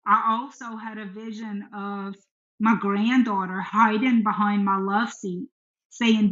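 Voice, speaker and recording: A woman's voice: medium pitch, little pitch movement, slow, a bit bright. A middle-aged woman, a podcast guest, telling a personal story earnestly and frankly about her faith. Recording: echoey room, dull sound.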